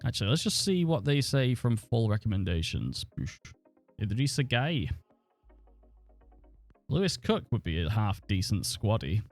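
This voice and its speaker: A man's voice: fairly low pitch, sing-song, a little slow, pauses often, soft background music. A man chatting and thinking aloud as he streams a football management game, swearing now and then. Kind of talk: casual live-stream commentary.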